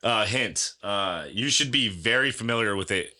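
A man's voice: lowish voice, moderate pace, sharp tone. A man co-hosting a casual podcast, hesitant and laughing, with many fillers. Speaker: podcast co-host.

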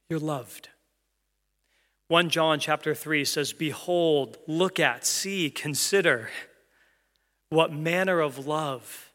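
A man's voice: fairly high pitch, pushed and bright, in a large hall. A male pastor preaching a sermon in a church, speaking earnestly and conversationally, asking the congregation questions. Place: church sanctuary.

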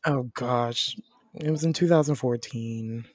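A woman chatting casually on a podcast, an animated storyteller who acts out her own reactions. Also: rumbling low, a little slow, dry recording, clean studio sound. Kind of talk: casual chat.

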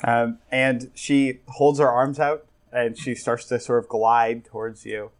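A man's voice: medium pitch, little pitch movement, measured pace. A young man narrating as game master, talking casually and rambling with many fillers.

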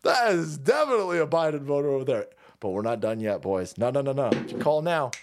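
A man's voice: mid-range voice, expressive, quick pace. Foul-mouthed laughing male streamer. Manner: crude, mocking, laughs often. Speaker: livestream host. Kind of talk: profane livestream commentary.

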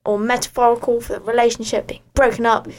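A woman's voice: on the high side, flat delivery, fast, darkish tone. A teenage girl from Australia co-hosting a casual breakfast radio show, playful and self-mocking with frequent giggles.

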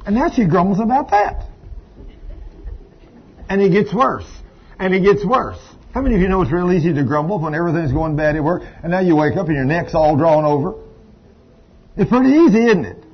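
Man, emphatic church sermon, fairly high voice, dull lo-fi recording, faint hiss. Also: fairly quick. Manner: emphatic preaching with asides to the congregation. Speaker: pastor. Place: church service.

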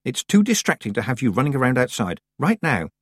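A man's voice: mid-range voice, big pitch swings, brisk, dry recording, studio quality. A man reading an audiobook, voicing an earnest, stubborn young witch girl. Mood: thoughtful. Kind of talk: audiobook character voice.

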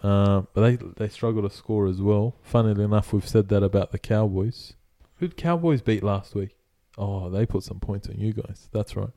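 A man's voice: lowish voice, normal speed, few pauses, mellow, no room sound, clean studio sound. A young Australian man co-hosting a sports podcast, chatty as he runs through team news. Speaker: podcast co-host. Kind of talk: casual sports chat.

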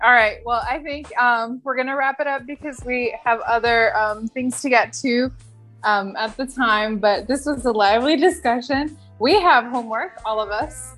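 Warm, teasing banter comes from a woman. She co-hosts a chatty book podcast, laughing easily, and her voice sits high. Faint music plays underneath. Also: moderate pace. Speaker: podcast co-host. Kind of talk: casual chat.

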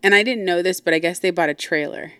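A woman's voice: fairly low pitch, fast talker, a bit bright, clean tone, no echo. A woman host telling a personal story casually, blunt and profane, with lots of asides. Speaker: podcast host.

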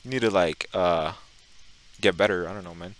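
A man's voice: low voice, moderate pace, fairly bright tone, low-quality recording. A man chatting casually while playing a game, teasing his friend with crude jokes. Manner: crude, teasing, joking banter. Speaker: gamer co-host. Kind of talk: casual gaming chat.

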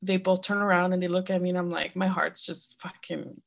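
On a muffled recording, a podcast co-host with a lowish, flat, slightly fast voice and vocal fry tells a personal story. She's frank and blunt, swears freely, uses plenty of fillers, and drops other-language phrases mid-sentence.

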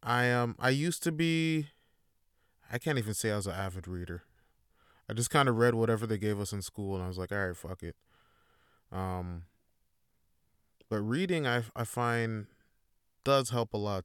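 A man's voice: lowish voice, fairly bright tone, smooth, no echo, clean studio sound. A man hosting a solo podcast, talking in a rambling, laid-back way with a lot of swearing. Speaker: podcast host. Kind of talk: casual solo monologue.

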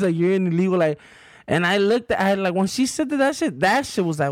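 High-voiced slangy man telling a story. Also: fast, no room sound, studio quality. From Southern California. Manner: slangy, profane storytelling with frequent fillers. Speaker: podcast co-host. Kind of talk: casual chat.

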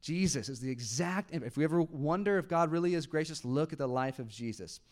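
A man's voice: on the high side, expressive, brisk. A man in his thirties preaching a sermon to his church on a handheld mic, talking conversationally and joking with the congregation. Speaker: pastor. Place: church auditorium. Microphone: handheld microphone.

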